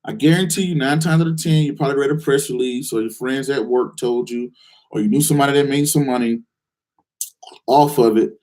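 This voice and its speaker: A man hosting a live investing call-in show, answering viewers' questions in a direct, challenging way with lots of rhetorical questions. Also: a little fast. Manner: animated, acts out excited investors in a higher voice.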